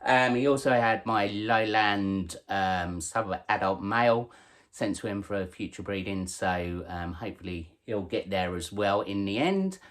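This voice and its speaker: A man, hosting a casual vlog and chatting in a relaxed way about his tarantulas, with plenty of ums. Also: fairly low pitch, a little slow. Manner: chatty, laid-back, says um and uh a lot. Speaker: tarantula keeper and channel host. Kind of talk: casual show-and-tell vlog.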